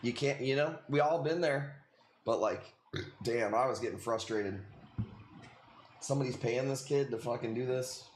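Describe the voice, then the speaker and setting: This late-thirties man hosting a live stream tells a rambling, swear-filled story, constantly calling people "dude." His mid-range voice keeps a normal speed broken by long pauses, in a roomy space with slight background noise.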